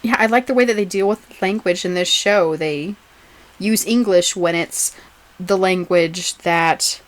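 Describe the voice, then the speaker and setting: With a fairly low, slightly slow voice, a woman co-hosting a podcast laughs frequently while casually going over a TV episode.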